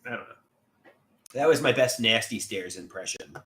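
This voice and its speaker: A man with a medium-pitched, fairly bright voice hosts a casual livestream at a normal speed. He reads chat comments aloud and rambles, often repeating and restarting words. The room is echoey.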